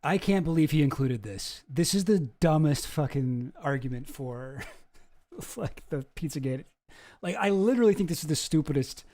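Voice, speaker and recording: A man's voice: on the high side, lively intonation, normal speed, dark tone. A man streaming, reacting to a video in a rambling, exasperated way and swearing freely. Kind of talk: casual commentary.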